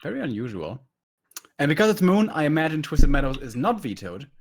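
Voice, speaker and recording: A man's voice: on the high side, big pitch swings, brisk. A man casting a live strategy game match, breaking down the play in detail and critiquing the decisions. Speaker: esports caster.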